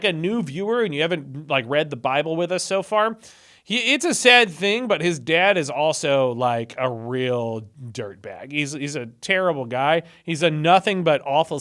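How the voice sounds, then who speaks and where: A man's voice: fairly high pitch, a bit bright. A young man with a slightly raised voice talks through scripture in a chatty, irreverent way. He adds sarcastic asides as he goes, like someone hosting his own channel. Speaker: video host retelling Bible stories. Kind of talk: casual commentary.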